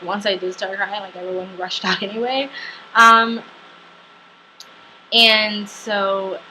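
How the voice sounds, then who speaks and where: A young woman vlogger telling a personal story in a halting way, full of fillers and restarts. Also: mid-range voice, bright, forceful tone, slight background noise, poor audio. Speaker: travel vlogger.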